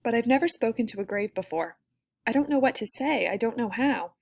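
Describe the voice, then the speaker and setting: A woman's voice: fairly high pitch, lively intonation, brisk, vocal fry, darkish tone. A woman voicing a grieving teenage girl in an audiobook, speaking in a hesitant, tearful way. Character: grieving teenage girl, a runner with a prosthetic leg.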